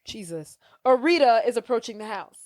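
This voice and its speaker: Lively woman recapping a movie. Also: fairly high pitch, moderate pace, dry recording. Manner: animated retelling, acts out characters' lines. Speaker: podcast co-host. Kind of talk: casual film recap chat.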